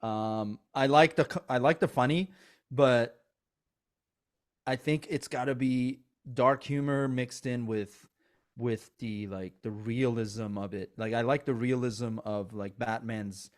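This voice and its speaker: A comedian hosting a casual podcast tells animated stories at a slow pace in a medium-pitched voice. His speech is packed with fillers and laughter.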